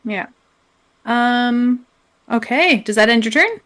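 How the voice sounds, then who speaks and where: A woman's voice: fairly high pitch, animated, fairly bright tone. A woman narrating as game master, casual and chatty. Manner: casual, chatty, quick to laugh.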